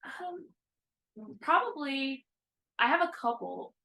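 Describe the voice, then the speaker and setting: Woman, thirties, gravelly fry, casual rambling chat, lots of fillers. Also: sits high, sing-song, slow pace, pushed and bright, low-quality recording. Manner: rambling, chatty, with many fillers. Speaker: co-host of a cross-stitch video chat.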